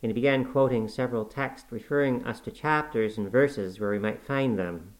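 A man reading a classic novel aloud as scripted narration, measured and even. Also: mid-range voice, rough recording. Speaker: audiobook reader.

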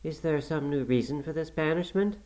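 A man's voice: fairly high pitch, moderate pace, darkish tone, voice pushed up, lightly acted, poor audio. A man reading aloud and voicing an anxious, prying middle-aged housekeeper in a storybook. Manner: pleading, prying questions.

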